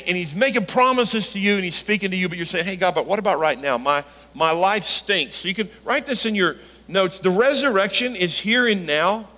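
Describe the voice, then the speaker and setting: Animated pastor preaching in a reverberant hall. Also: male voice. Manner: animated, rising into emphatic high pitch on quoted lines. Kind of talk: sermon.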